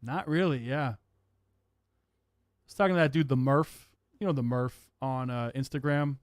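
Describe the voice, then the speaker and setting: A man hosting a livestream, chatting casually with viewers in an excitable, profane way and laughing often. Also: mid-range voice, normal speed, dry recording, clean studio sound. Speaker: livestream host.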